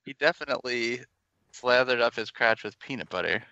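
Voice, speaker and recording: A man co-hosting a casual podcast, teasing the others and asking quick questions. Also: medium pitch, sharp tone, clear, resonant tone, no echo, lo-fi sound. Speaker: podcast co-host. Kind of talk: casual chat.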